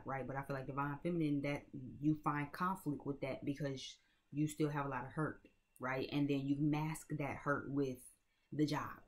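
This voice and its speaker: A woman's voice: rumbling low, steady tone, moderate pace. A woman giving a casual tarot reading to her viewers, talking bluntly and checking in with her listeners again and again. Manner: conversational, keeps checking in with "right?" and "you know what I'm saying?"; blunt and streetwise, swears freely. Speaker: tarot reader.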